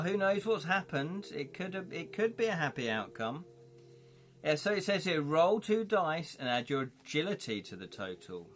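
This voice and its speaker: A chatty man running a live-streamed story game, narrating in a mid-range voice and bantering jovially with his viewers. His delivery is relaxed and conversational. Faint music plays softly behind him. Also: medium pitch. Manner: jovial, chatty, reads chat aloud. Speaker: streamer running an interactive gamebook.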